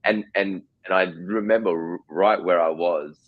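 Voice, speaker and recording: Very deep-voiced Australian man, rambling. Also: steady tone, moderate pace, phone-quality sound. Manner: rambling, full of restarts and repeated words. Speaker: guest actor. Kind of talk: casual interview chat.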